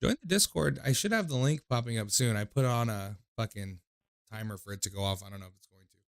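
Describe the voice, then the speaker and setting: A man's voice: lowish voice, quick pace, no echo, clean studio sound. A man hosting a call-in stream, talking casually in a loose, rambling, profane way. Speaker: call-in show host.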